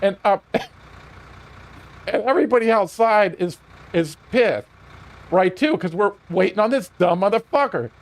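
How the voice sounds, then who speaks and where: A man's voice: sits high, lively intonation, unhurried, pauses often. A man streaming a video game while telling a heated, profane story, often laughing.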